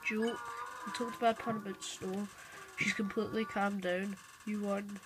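A woman giving casual let's-play commentary, reading the on-screen text aloud and reacting quickly. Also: mid-range voice, level tone, noisy background. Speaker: gamer. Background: game music.

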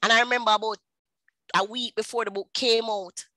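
A woman in her thirties with a Jamaican accent, telling her personal testimony in an animated storytelling way and slipping into patois. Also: fairly high pitch, brisk, no echo, low-quality recording. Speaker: speaker at a women's ministry.

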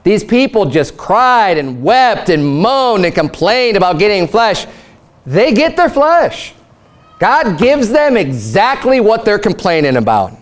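A pastor delivering a sermon, reading scripture and acting out lively paraphrased dialogue. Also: male voice, high-pitched, a little slow. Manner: animated preaching with paraphrased dialogue.

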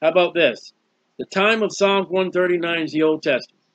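High-voiced folksy male preacher. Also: fairly quick, fairly bright tone, no room sound, lo-fi sound. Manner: folksy, emphatic, asks and answers his own questions. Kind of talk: Bible teaching sermon.

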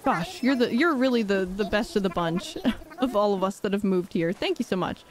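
A woman's voice: medium pitch, normal speed. A young woman chatting casually on a live game stream, rambling and laughing often with dramatic sighs. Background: faint game music.

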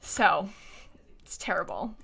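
A young woman in her twenties chats on a live stream while playing a life-sim game, giggly, talkative, and often bursting into laughter. Her voice is lowish, husky, and sharp-toned with vocal fry, and she speaks slowly with big swings in pitch.

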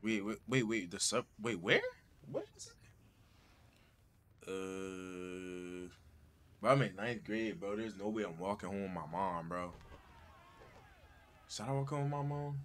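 A man's voice: sits low, a little slow, long pauses, a bit bright, a little hiss or hum. A man giving casual, slangy gameplay commentary and constantly saying "bro.". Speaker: gaming channel host.

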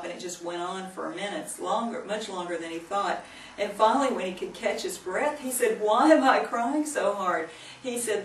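A woman giving a Christian teaching, earnestly telling a story and gently urging her listeners. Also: medium pitch. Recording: echoey room, mic at a distance, faint noise.

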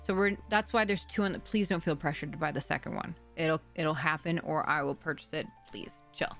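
A woman's voice: deep voice, a little fast, a bit bright, faint music behind. A woman livestream host chatting casually with viewers, bubbly and rambling as she reads chat aloud.

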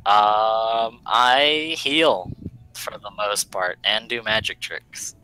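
A man's voice: lowish voice, very slow, sharp tone, faint music behind, low-quality recording. A man playing in an online tabletop game, chatting casually with joking, sarcastic asides. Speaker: player.

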